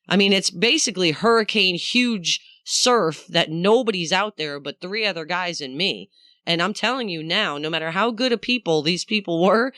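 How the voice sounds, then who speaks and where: A woman hosting a podcast, telling a story in a casual, animated way, swearing freely and talking straight to the listener. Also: on the low side, no echo, clean studio sound. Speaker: podcast host.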